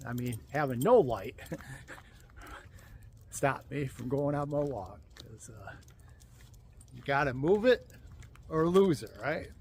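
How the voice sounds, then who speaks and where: An older man vlogging quietly while walking his dogs along a street at night, halting and rambling. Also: on the high side, slight background noise. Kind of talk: casual vlog chat.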